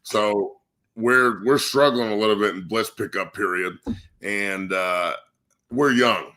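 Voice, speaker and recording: A man, a high school line coach appearing as a podcast guest, telling a crude, boisterous story full of swearing. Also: takes it slowly, bright, forceful tone. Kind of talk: profane storytelling rant.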